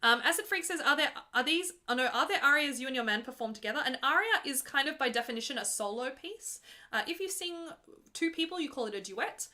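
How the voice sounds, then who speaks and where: Bright-voiced woman opera singer chatting. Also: high-pitched, lively intonation, fast talker. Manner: chatty and joking, breaks into full operatic singing. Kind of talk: live stream chat and teaching.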